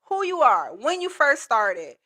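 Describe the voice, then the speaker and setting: A woman's voice: high voice, big pitch swings, a little slow, sharp tone. A woman coaching viewers in a live stream, talking in an emphatic, repetitive, colloquial way. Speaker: proposal coach.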